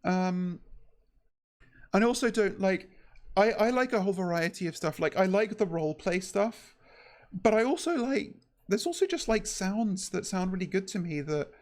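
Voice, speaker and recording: A woman streaming casually as a VTuber, her voice slightly shaky, talking in a halting, nervous way full of fillers and restarts. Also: mid-range voice, animated, a little mellow.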